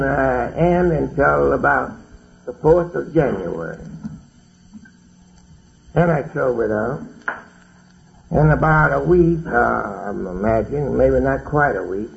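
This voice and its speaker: Gravelly middle-aged man telling his story. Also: medium pitch. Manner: plainspoken, folksy storytelling with dialect grammar. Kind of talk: personal testimony talk. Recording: dull lo-fi recording with faint hiss.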